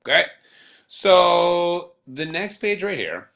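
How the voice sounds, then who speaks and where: A man teaching a beginner Spanish lesson to students at home, speaking patiently and slowly and repeating words for learners. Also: high voice, big pitch swings, vocal fry, fairly bright tone. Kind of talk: recorded remote classroom lesson.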